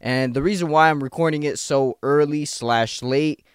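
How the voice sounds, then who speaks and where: A young man talks alone into a close mic for his podcast, restless and profane, circling back over his thoughts. He has just come off a night shift and sounds worn out and irritated. His voice sits a bit high for a man, and the sound is dry and close. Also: moderate pace, smooth, dry recording. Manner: rambling, profane, restless and agitated. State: tired after a night shift. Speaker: podcast host. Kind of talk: casual solo podcast monologue.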